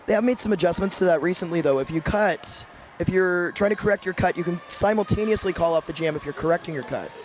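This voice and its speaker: Male derby play-by-play caller, steady and dry, higher voice, faint outdoor noise. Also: fast talker. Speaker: roller derby commentator. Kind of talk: live sports commentary.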